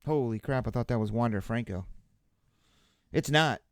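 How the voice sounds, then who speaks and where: A man's voice: medium pitch, normal speed, smooth, no room sound. A man hosting a casual live card-break stream, chatting with viewers and calling out player names as they come up. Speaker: card-breaking livestream host.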